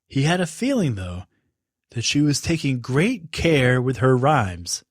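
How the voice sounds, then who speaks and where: Guy narrating a kids story, super expressive, dry close mic. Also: mid-range voice, unhurried, slightly rough, no room sound. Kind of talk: scripted children's story narration.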